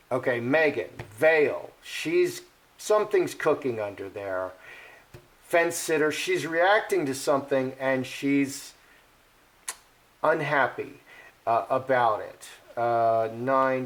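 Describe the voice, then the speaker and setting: A man's voice: medium pitch, fairly bright tone. A man giving casual card-reading commentary, rambling with frequent fillers and restarts. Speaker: card reader.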